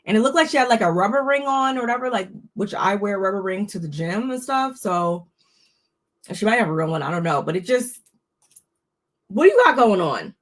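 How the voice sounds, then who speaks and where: A woman's voice: medium pitch, expressive, a little fast. A woman giving a casual, opinionated recap of a reality show, talking freely with frequent restarts. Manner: chatty, opinionated, restarts often. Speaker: recap host.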